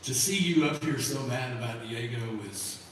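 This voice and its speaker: A man's voice: medium pitch, normal speed, fairly bright tone, a little hiss or hum. A man speaking in an easygoing, folksy way, chatting on a live stage. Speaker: program staff speaker. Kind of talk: casual stage banter. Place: large hall, live show. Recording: echoey hall from far off.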